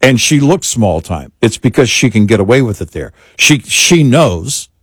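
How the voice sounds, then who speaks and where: A man co-hosting a political talk show, talking in an agreeable, steady way. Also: medium pitch, normal speed, breathy edge, no echo.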